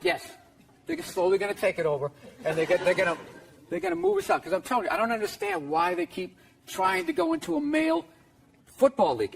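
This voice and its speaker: A man's voice: sits high, very animated, a little fast, creaky. A man from the United States, a comedian guest riffing with sarcastic, mock-exasperated banter on a talk show. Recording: live studio audience and noise.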